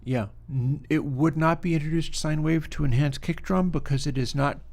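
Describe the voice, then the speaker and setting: A man's voice: a little high, normal speed, vocal fry. A man hosting a livestream, giving casual, musing technical commentary while he edits audio. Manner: relaxed, musing, talks while working. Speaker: livestream host.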